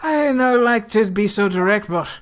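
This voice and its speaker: A woman voicing a big, gruff male prison governor in a clumsy put-on Scottish burr, brusque and dismissive. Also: mid-range voice, animated, moderate pace, a little hiss or hum, voice pushed up, natural voice.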